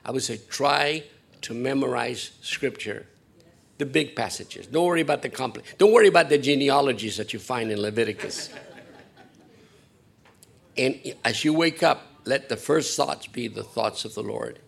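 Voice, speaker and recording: A man preaching a Sunday sermon as pastor, rambling and self-deprecating, swinging between hushed asides and loud emphatic lines. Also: medium pitch, expressive, moderate pace, creaky, husky.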